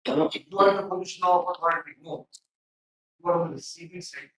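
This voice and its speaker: A man's voice: high-pitched, fairly even intonation, quick pace, a bit bright, distant mic. A man giving stern feedback in a mock interview, with many fillers. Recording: echoey room, off mic.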